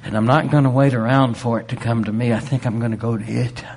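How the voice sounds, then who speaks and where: Fervent preacher man, loud to hushed. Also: medium pitch, steady tone, quick pace, creaky. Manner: fervent, shifts from loud exclamations to hushed storytelling. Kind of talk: sermon.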